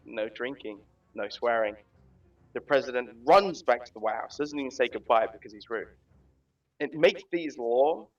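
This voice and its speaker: A man in an online game telling a long shaggy-dog joke in a rambling, deadpan way. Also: medium pitch. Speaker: player. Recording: distant, dull voice-chat audio.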